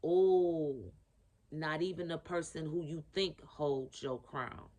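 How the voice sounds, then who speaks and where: A woman's voice: deep voice, unhurried. A woman giving a casual spiritual reading to camera in a blunt, profane, emphatic way, repeating her key phrases. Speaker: spiritual reader.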